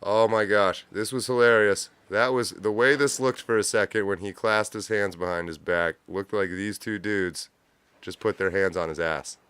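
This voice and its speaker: A man's voice: fairly low pitch, normal speed, a bit bright, smooth, no echo. Blunt, profane man ranting on a live stream. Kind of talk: profane live reaction commentary. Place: home studio with a cat nearby. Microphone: studio mic with pop filter.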